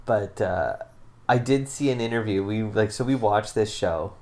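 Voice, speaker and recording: A man's voice: lowish voice, moderate pace, a little mellow. A man chatting casually with friends, rambling with lots of fillers and swearing. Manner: rambling, profane, full of fillers. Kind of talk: casual podcast chat.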